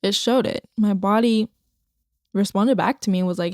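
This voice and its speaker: A young woman hosts her own solo podcast from home, rambling casually and occasionally swearing into a microphone as she records to her computer screen. Her mid-range voice keeps a moderate pace, and the sound is dry and clean, like a studio.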